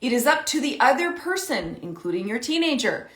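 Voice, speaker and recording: A woman coaching parents in a casual, animated talk, acting out both sides of an everyday conversation. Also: fairly high pitch, a little fast, echoey room. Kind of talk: casual teaching talk to camera.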